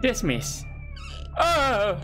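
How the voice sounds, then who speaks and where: A man commentating a horror game let's play, excitable, swearing and yelping at scares, in non-native English. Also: sits high, very slow, low-quality recording. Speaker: gaming YouTuber. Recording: loud game music behind.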